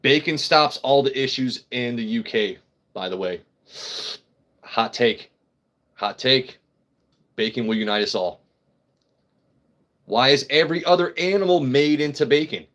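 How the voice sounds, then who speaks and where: A man with an average-pitched voice hosts a loose livestream and talks straight to his chat. His talk is crude and rambling, full of jokes and casual swearing. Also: animated, unhurried, pauses often, a bit bright. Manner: crude, joking, swears freely. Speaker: livestream host.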